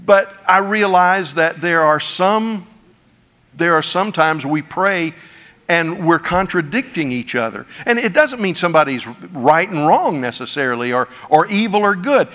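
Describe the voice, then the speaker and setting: A male pastor preaching a sermon, telling stories with folksy humor and animated delivery. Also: sits high, moderate pace. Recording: long hall reverb.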